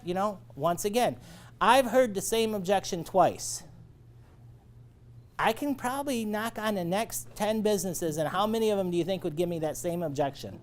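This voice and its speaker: A man's voice: sits high, lively intonation, normal speed. A man leading a sales training lecture, coaching and checking in often with his listeners. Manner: coaching, checks in with "all right?".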